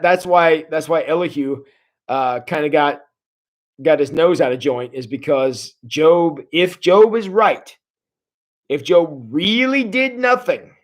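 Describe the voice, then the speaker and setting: Over a livestream setup, a man in his forties leads a relaxed Bible study in a folksy way. His voice sits a bit high for a man, and his delivery is chatty and unpolished, full of small filler sounds.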